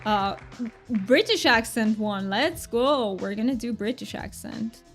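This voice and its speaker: A woman's voice: fairly high pitch, animated, measured pace, fairly bright tone, faint music behind, a faint crowd. A woman streaming live, chatting casually with viewers, often giggling and thanking them by name. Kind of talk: casual livestream chat.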